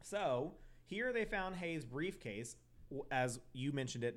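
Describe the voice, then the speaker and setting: A man's voice: mid-range voice, lively intonation, measured pace. A young man hosting a podcast, telling a true crime story casually, with profane asides and self-corrections. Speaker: podcast host.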